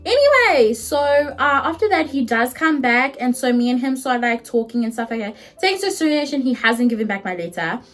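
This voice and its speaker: A young woman in her twenties with a South African accent, telling a story in a chatty, animated, casual way and swearing freely. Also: fairly high pitch, normal speed, hardly any pauses, soft background music. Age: 20s. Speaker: vlogger.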